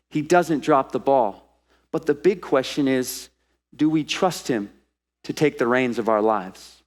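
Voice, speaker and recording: A man preaching a sermon as pastor to a congregation in church, lively and acting out the voices he quotes. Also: medium pitch. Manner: animated, acts out quoted voices.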